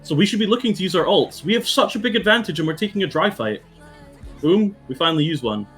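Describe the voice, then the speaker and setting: Man, slightly high voice, team coach, blunt, swears a lot, checks in constantly, faint music behind. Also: animated, fast, a bit bright. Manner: direct, blunt, swears, keeps checking in with "yeah?" and "okay?". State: has the hiccups. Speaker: esports coach. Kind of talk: team VOD review.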